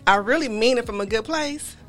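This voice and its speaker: A woman's voice: fairly high pitch, fairly quick, music in the background. A woman in casual chat who talks bluntly and candidly, acting out other voices in her stories.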